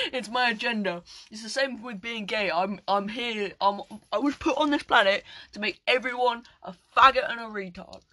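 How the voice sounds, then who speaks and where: A podcast co-host, talking in a bright, clear tone. The delivery is blunt and full of swearing, with easy laughter in loose banter. The sound is dry and close, with no room echo. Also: mid-range voice, normal speed, hardly any pauses. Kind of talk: crude casual banter.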